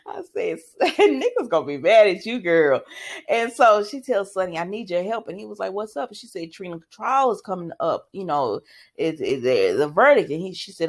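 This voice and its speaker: A woman casually recapping a soap opera, laughing often and acting out the characters' lines. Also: mid-range voice. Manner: animated, laughing, acts out quoted lines.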